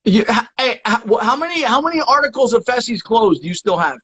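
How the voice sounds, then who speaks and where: Husky-voiced teasing male host. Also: extremely high pitch, sing-song, fast, poor audio. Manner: teasing, loud, playful. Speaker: aftershow host. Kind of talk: casual interview chat.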